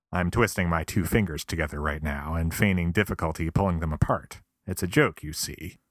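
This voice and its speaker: A man's voice: deep voice, fairly bright tone, no room sound, clean studio sound. A man reading a scripted comic essay with wry, self-deprecating, mock-earnest asides. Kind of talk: scripted comedic narration.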